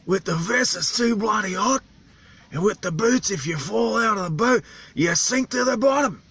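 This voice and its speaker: Man putting on an animated islander, high, drawling, fed-up storyteller. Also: moderate pace, husky, heavily acted. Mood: exasperated. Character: animated older male islander, chain-smoking storyteller.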